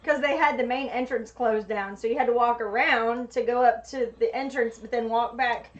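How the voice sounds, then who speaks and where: A woman's voice: a little high, steady tone, moderate pace, muffled recording. A woman hosting a casual chat, chiming in and laughing often. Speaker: homestead show host.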